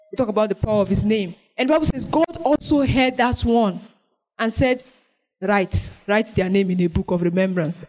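A woman with a high, bright-pitched voice preaches to her congregation. She reads scripture in a slow, deliberate way. Then she presses her points with animated emphasis. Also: low-quality recording. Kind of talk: sermon.

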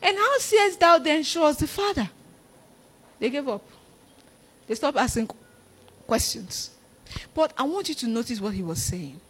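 A high-pitched woman preaches a sermon. She is animated and laughs often. She acts out the voices of the disciples as she goes. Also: moderate pace, pauses often.

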